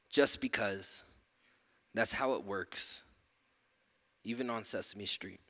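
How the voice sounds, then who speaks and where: A man performing spoken word poetry and telling stories on a live stage, rhythmic and emphatic, letting his lines fall soft at the ends. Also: on the low side, slow pace, pauses often, big-room sound. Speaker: performance poet. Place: live stage at a museum event.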